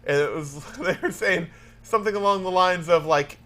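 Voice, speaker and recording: Bright-voiced young man, teasing banter. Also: high voice, moderate pace. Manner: laughs easily, teasing banter. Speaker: co-host. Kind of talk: casual comedy chat.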